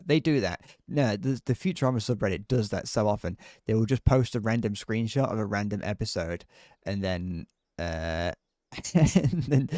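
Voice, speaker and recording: A man's voice: on the low side, a little mellow, dry recording, studio quality. A young British man chatting casually on a live gaming stream, rambling with frequent restarts and laughs.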